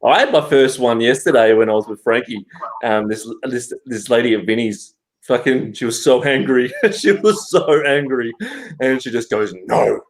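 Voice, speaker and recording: A man's voice: medium pitch, normal speed, low-quality recording. An Australian man chatting on a live stream, crude and joking, swearing freely and laughing a lot. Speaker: co-host. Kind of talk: casual live-stream chat.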